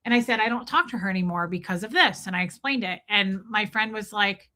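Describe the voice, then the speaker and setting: A woman's voice: mid-range voice, fairly quick, sharp tone. A woman live streamer chatting candidly with her viewers, swearing casually and greeting them by name. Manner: greets chat viewers by name mid-story. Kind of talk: casual livestream chat with viewers.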